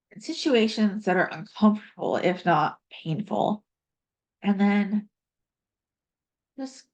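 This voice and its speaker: A woman giving a casual, rambling tarot reading, reflective and full of asides and fillers. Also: on the low side. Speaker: tarot reader. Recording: dull lo-fi recording.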